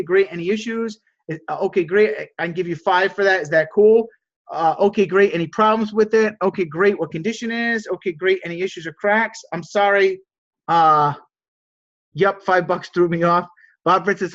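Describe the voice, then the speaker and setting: A man coaching a group on a video call, energetic, reading out answers and acting out little dialogues. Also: sits high, highs cut off. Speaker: sales coach.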